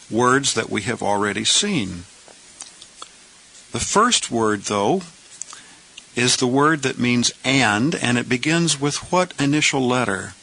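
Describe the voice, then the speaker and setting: A man teaching Greek letters, who asks questions and answers them himself in a slow, step-by-step lesson. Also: mid-range voice, gravelly, bright, forceful tone, low-quality recording.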